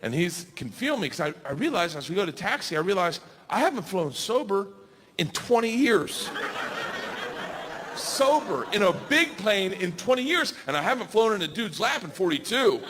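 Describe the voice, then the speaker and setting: A man's voice: high-pitched, very animated, moderate pace, noisy background. A man in his forties telling a crude, rowdy story as a stand-up comedian on a live stage. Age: 40s.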